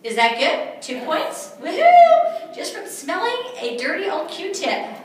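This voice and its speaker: A woman's voice: high voice, big pitch swings, a little slow, a bit bright. A woman leading a live workshop demonstration for an audience, playful and teasing as she gives instructions. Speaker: workshop presenter. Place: event room at a retreat. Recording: echoey room, mic far off.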